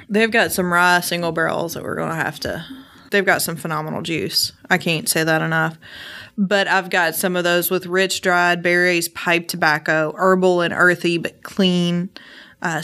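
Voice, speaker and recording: A woman's voice: lowish voice, fairly bright tone, smooth. A woman with a Southern country accent, chatting casually as a guest on a podcast recorded at a distillery and laughing easily. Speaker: whiskey blender guest. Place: distillery office.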